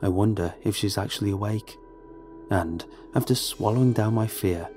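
A man narrating a first-person horror story in a somber, measured, grave way. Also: on the low side, darkish tone, soft background music.

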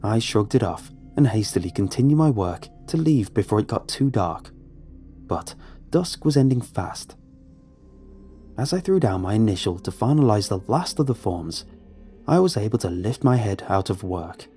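A man narrating a first-person horror story in a measured, suspenseful way. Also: on the low side, big pitch swings, dark tone. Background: faint music.

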